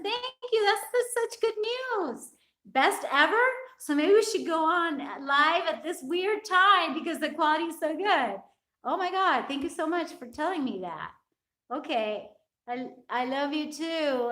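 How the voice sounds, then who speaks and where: A high-pitched woman hosts a casual live stream as a fitness coach. She talks in a chatty, effusive way and keeps thanking the people watching. Her voice bounces around an echoey room. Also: a bit bright. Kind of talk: live-stream chat with viewers.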